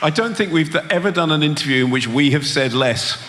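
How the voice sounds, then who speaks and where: A man co-hosting a live show, giving a measured film review. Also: on the high side, animated, a loud crowd, very noisy. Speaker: co-host and critic. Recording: reverberant live hall.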